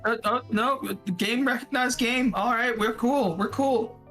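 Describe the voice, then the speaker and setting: A woman's voice: a little high, fairly even intonation, a little slow, fairly bright tone, faint music behind. A woman playing a tabletop game, joking in an offhand way. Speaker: player.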